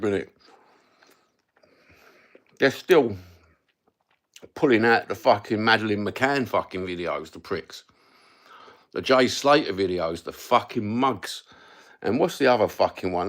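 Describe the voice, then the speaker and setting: A man with a Cockney accent hosting a livestream, chatting casually and rambling between topics with plenty of swearing. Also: lowish voice. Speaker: livestream host.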